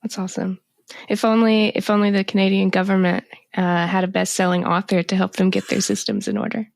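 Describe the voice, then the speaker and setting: A woman interviewer with a gravelly, fry-edged voice at a middle pitch. The recording is dry and close, and she answers her guest with short, playful, encouraging remarks. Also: brisk, dry recording. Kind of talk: casual interview chat.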